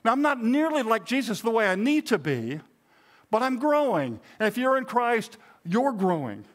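Man, pastor, high voice, chatty joking sermon, middle-aged. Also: big pitch swings, moderate pace. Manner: conversational, self-deprecating preaching with humor.

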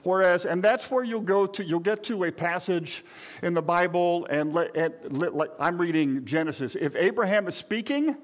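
Older male pastor, high voice, rambling folksy sermon style. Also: moderate pace. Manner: conversational, rambling with frequent restarts and asides.

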